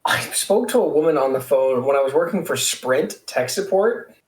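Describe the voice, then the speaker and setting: A man from Texas streaming live, chatting casually and telling stories with animated, swearing energy. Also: fairly high pitch, moderate pace, a little hiss or hum. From Texas, United States. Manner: animated storyteller, swears freely. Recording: roomy echo.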